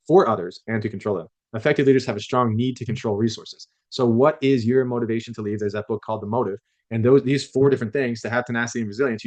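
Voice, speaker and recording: A man lecturing a class on leadership, talking quickly in a loose, conversational way. He stumbles into restarts and acts out little quoted exchanges to make his points. His voice sits at an ordinary pitch for a man.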